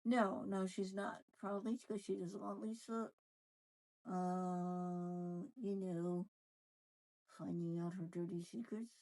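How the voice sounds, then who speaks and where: A woman's voice: on the low side, steady tone, slow, mellow, rough recording. A woman ventriloquist chatting casually in a gossipy back-and-forth banter, recapping a reality show.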